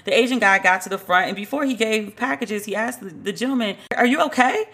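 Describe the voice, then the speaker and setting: A woman telling a story in a casual monologue, chatty and animated, full of "like" fillers. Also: medium pitch, fast talker, slightly rough. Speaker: podcast host.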